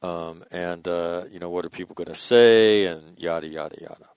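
A man hosting a casual conversation, talking haltingly with many fillers and laughing often. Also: low voice, a little mellow, clear, resonant tone, no room sound. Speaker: podcast host.

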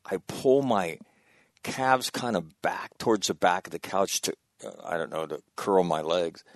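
A man's voice: low-pitched, lively intonation, measured pace, no echo, clean studio sound. A man in his sixties telling a long personal story in casual chat, rambling and correcting himself and laughing at his own mishaps. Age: 60s.

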